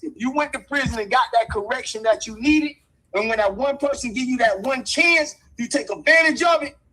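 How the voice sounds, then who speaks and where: A man's voice: extremely high pitch, pushed and bright, poor audio. A man talking in an impassioned, street-wise way, hammering his points with repetition like a lecture. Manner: emphatic and repetitive, preachy.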